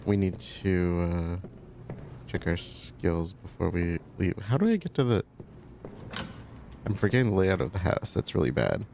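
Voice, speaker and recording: Casting: male let's-play host, low gravelly voice, easygoing, thinks aloud while playing. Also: a little slow, pauses often, a little hiss or hum. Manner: relaxed, thinking aloud, chatty asides. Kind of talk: casual gameplay commentary.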